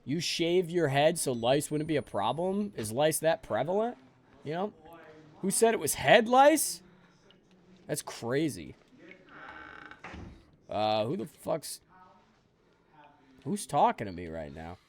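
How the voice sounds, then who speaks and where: Man, live game streamer, unhurried talk, sleepy rambling banter with chat. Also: a little high, big pitch swings.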